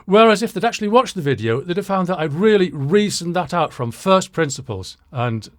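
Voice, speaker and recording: Reading viewer comments aloud with wry, chuckling humor, an older man hosts a channel in a casual talking-head style. His high, fairly bright voice is sing-song and brisk, recorded on a shotgun mic in clean studio sound without echo.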